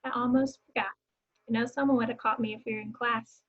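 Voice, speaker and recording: A young woman teacher giving a phonics lesson to young children, slowly sounding out words and letters and encouraging them to repeat after her. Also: a little high, steady tone, dull audio.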